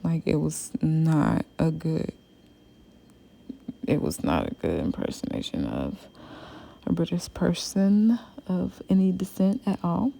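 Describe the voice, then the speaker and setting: Young woman, low-pitched and slow, casual rambling storyteller with many fillers. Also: big pitch swings, creaky, mellow. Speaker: hairstylist telling a story.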